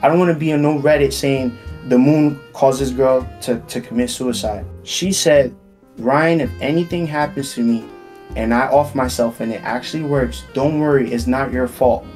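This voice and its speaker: A man being interviewed, telling a story in a casual, animated way and acting out the texts he quotes. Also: mid-range voice, moderate pace, faint music behind.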